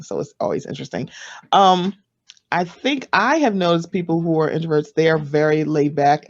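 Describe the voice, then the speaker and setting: A woman giving casual advice on a panel, chatty and playful, acting out quoted voices with sudden jumps in pitch. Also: darkish tone, muffled recording.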